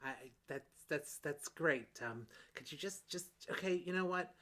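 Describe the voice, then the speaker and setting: A woman improvising a fussy, demanding woman on a Valentine's date, stammering and bossy, bursting into shouts. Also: deep voice, unhurried. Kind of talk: improvised comedy scene.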